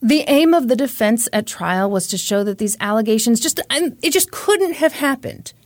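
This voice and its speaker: A woman's voice: a little high, expressive, moderate pace, dry recording. A woman hosting a podcast, telling a true crime story in a conversational way with wry asides. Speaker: podcast host.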